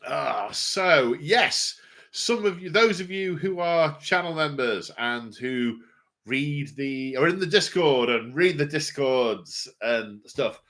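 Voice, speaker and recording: An Englishman hosts a relaxed livestream about his hobby. He rambles with plenty of fillers and pokes fun at himself along the way. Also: mid-range voice. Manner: rambling, self-mocking, many fillers. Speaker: hobby channel host. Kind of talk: casual livestream chat.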